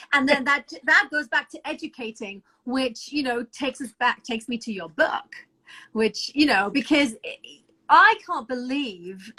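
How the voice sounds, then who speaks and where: A woman host with a high, bright voice, chatting over a video call. She sounds enthusiastic and affirms her guest often. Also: low-quality recording. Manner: enthusiastic, reactive, frequent agreement. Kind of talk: casual interview chat.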